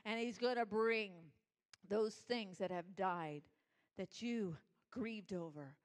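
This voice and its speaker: A woman preacher delivering a sermon, swinging from low, soft intensity to fervent, repeated proclamations. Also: takes it slowly.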